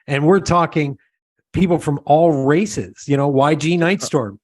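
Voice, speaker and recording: Halting male podcast host. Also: a little high, no room sound. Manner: halting, repeats words while searching for them. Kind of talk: casual interview talk.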